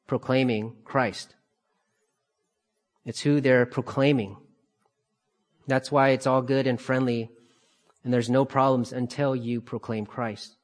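A man leads a Bible study, calmly explaining passages and repeating key phrases for emphasis. His voice is medium in pitch.

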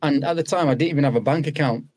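A man's voice: fairly high pitch, racing, husky. A man with a British accent, a guest on a podcast, telling his story in a chatty way and acting out what people said. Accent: British English. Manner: animated, acts out quoted dialogue. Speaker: podcast guest, former footballer. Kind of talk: conversational storytelling.

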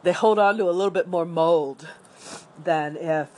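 A woman's voice: lowish voice, moderate pace, darkish tone. A woman talking upbeat and rambling in a casual outdoor morning vlog, with an allergy cough. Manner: rambling and upbeat, with small restarts. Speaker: vlogger. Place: outdoors with dry leaves on the ground.

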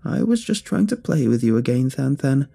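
Deranged old woman in a storybook horror tale, high, crackly and stuttering, voiced by a male narrator. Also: big pitch swings, normal speed, creaky, dark tone, breathy edge, soft background music, heavily acted. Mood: leering, unhinged.

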